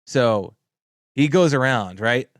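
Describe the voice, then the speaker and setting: Man, podcast co-host, casual chat, profane storytelling, mid-pitched, dry close sound. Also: animated, slow, no room sound. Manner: profane, storytelling, laughs often.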